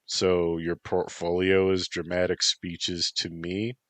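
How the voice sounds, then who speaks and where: A man voicing a sarcastic young man weighed down by guilt, speaking in a low, slow voice. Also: completely flat delivery, dry recording. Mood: dry. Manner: sarcastic, quietly remorseful.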